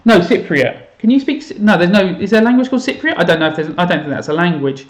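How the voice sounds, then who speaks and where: A man's voice: sits high, expressive, quick pace, roomy sound. A man chatting casually on a live stream while playing a game, self-mocking and thinking aloud to his viewers. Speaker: teacher streaming to students. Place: home room.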